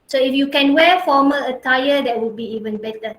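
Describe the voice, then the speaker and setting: A woman's voice: high-pitched, brisk, roomy sound, rough recording. A young woman lecturing an online class from her home in a rural area. She is chatty and teasing, wears a headset and often adds a tag "huh?".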